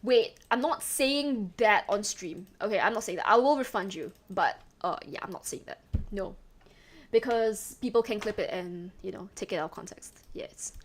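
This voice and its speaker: A woman's voice: medium pitch, normal speed, slight background noise. A young woman from Singapore with a mixed, slightly British-sounding accent, chatting casually with her live chat as a streamer. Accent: mixed Singaporean, a little British. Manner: chatty, rambling, self-described yapper.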